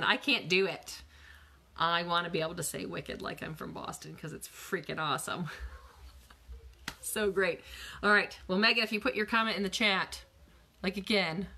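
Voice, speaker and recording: A woman's voice: on the low side, gravelly, slightly rough. A woman in her forties, a physical therapist, chatting casually on a live stream from her bedroom into a phone and answering viewer questions with frequent laughs. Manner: chatty, animated, laughs often, coaching tone. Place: bedroom at home.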